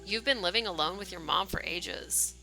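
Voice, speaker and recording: A woman's voice: fairly low pitch, creaky, pushed and bright, faint music behind, low-quality recording. A woman reading a pushy teasing teenage boy. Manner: reading game dialogue aloud, brisk and teasing. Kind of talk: reading game text aloud on a livestream.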